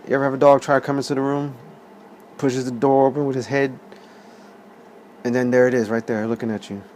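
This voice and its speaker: A man's voice: medium pitch, brisk, slight background noise. A man in his thirties telling a story in a rambling, casual way, with lots of swearing and laughter. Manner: profane, animated, laughs often. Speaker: vlog host.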